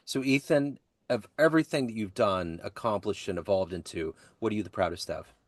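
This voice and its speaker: A man hosting an interview podcast, asking relaxed, soft-spoken questions and reading his own promo. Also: on the low side, fairly quick, dry recording. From Kansas City area. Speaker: podcast host.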